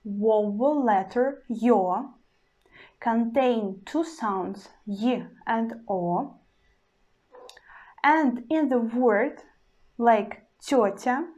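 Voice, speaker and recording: Very slow-speaking woman teaching. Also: a little high, a little mellow, lo-fi sound. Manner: slow, deliberate, repeats example words several times; slightly non-native English phrasing. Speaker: language teacher. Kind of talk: slow pronunciation lesson.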